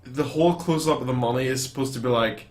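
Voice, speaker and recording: A man's voice: medium pitch, fast. A man co-hosting a casual film chat, chiming in with agreement, wry asides and casual swearing. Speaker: podcast co-host.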